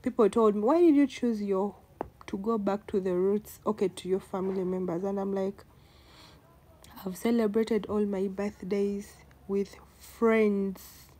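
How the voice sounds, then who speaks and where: A woman's voice: medium pitch, fairly even intonation, a little slow, dark tone. A woman, talking to the camera in a casual vlog, heartfelt and emotional, repeating words for emphasis. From Uganda. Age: 20s. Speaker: vlogger.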